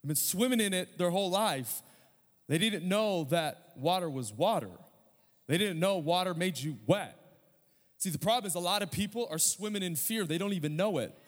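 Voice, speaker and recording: Male pastor, higher voice, conversational sermon with fervent peaks, long church reverb. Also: expressive, moderate pace. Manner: conversational preaching with humor, swinging from quiet to fervent.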